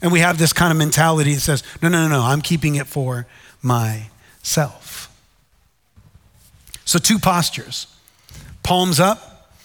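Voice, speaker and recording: A man's voice: a little high, fairly bright tone, in a large hall. A man preaching a sermon in an earnest, conversational way, often turning to the listeners with "right?". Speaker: pastor.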